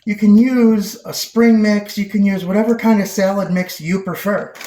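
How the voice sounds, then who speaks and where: A man's voice: high-pitched, steady tone, normal speed, mellow, slight background noise. A man hosting a casual cooking demonstration, chatty and playful, with silly sound effects and jokey asides. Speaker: cooking show host.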